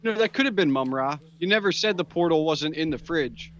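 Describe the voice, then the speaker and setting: A man's voice: fairly high pitch, expressive, a little fast, fairly bright tone, a little hiss or hum. Dry-witted man, dull lo-fi sound. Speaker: podcast co-host. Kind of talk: casual podcast banter. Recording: dull lo-fi podcast audio.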